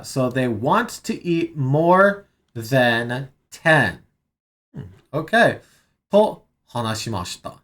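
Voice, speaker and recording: A man studying on a stream, thinking aloud with many fillers as he sounds out foreign words and translates them. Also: medium pitch. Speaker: language learner streaming his study. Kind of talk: casual self-study narration.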